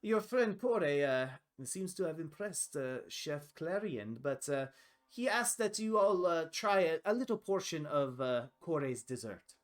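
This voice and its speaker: A man's voice: on the high side, sing-song, unhurried. A man voicing a deferential male kitchen servant who speaks politely, hesitantly and apologetically. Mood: apologetic.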